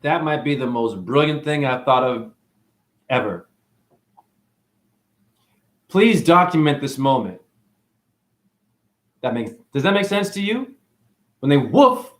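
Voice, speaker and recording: Excitable man with lively, swooping voice. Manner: excitable, playful sing-song wordplay with sudden high whoops. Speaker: online show host. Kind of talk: rambling livestream monologue.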